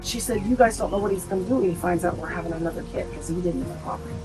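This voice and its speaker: A middle-aged woman, a little low in pitch, retelling events in an interview. She talks plainspoken and direct and quotes what each person said. Music is clearly audible behind her. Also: racing, low-quality recording. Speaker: mother of a murder victim, interviewee.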